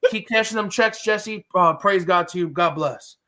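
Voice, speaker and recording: Co-host type: bright young guy, blunt and profane, ranting fast about reality TV. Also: high-pitched. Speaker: podcast co-host. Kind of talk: casual reality-TV recap banter.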